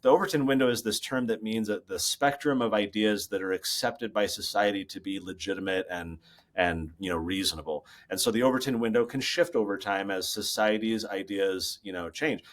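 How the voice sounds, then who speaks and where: A guest author joins a video call on his laptop from his home office, explaining ideas in an animated, storytelling way. His voice runs on the low side and fairly quick.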